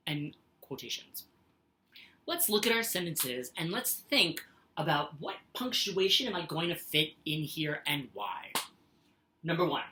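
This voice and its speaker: A patient woman teacher talks through a lesson in a low voice that swoops up and down, acting out example sentences with big expression. The recording is roomy and echoey. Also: sharp tone. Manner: patient, sing-song, reads sentences aloud with exaggerated expression. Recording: echoey room.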